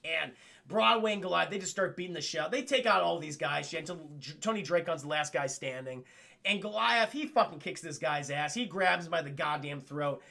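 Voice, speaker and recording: A male streamer recaps a cartoon episode for his chat, animated and full of swearing. His voice sits high with a gravelly edge and a bright, forceful tone. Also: fairly quick. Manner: animated, profane, addressing chat.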